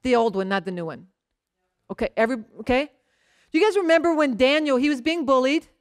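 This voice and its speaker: A woman pastor delivers a sermon with a high, smooth and clear voice. She tells stories in a chatty, conversational way and keeps turning to the congregation to check they are following. The sound is close and dry. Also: lively intonation, fast, no room sound. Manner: acts out short bits of dialogue in a lowered voice.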